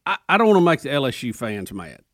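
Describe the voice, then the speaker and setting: Southern dude giving his opinions on talk radio, joking, mid pitch, dry close sound. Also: big pitch swings, fast, a bit bright, dry recording. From Alabama. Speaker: radio show co-host. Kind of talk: casual talk radio banter.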